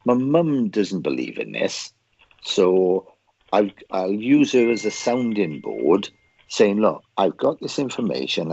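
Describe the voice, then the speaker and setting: A man, a medium on a chat show, telling a story in earnest and stumbling over repeated words as he finds his thread. His voice is fairly low and husky. The recording sounds dull and a bit muffled. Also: a little mellow. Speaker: psychic medium guest.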